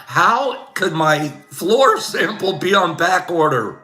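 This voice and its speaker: A man's voice: high voice, big pitch swings, slow pace, sharp tone, roomy sound, faint music behind. An older man hosting a casual livestream, telling rambling complaint stories with frequent laughs and a habitual "Okay?". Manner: chatty storyteller, laughs often, says "Okay?". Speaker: livestream host.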